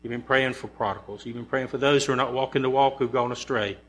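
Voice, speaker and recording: A man preaching a sermon in a church, moving from relaxed storytelling to emphatic rhetorical questions. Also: medium pitch, fast. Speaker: pastor. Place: church sanctuary. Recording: mains hum behind the voice.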